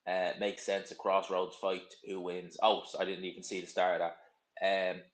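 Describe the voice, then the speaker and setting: A man's voice: low-pitched, flat delivery, normal speed. Blunt, rambling young man in a roomy space. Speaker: livestream host. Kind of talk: casual live stream chat, reading viewer comments.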